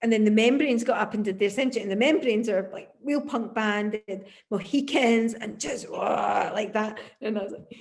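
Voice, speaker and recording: Scottish woman, 50s, musician interviewee, animated storyteller, laughs a lot, slightly higher voice. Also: a little fast. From Glasgow, Scotland. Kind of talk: oral history interview.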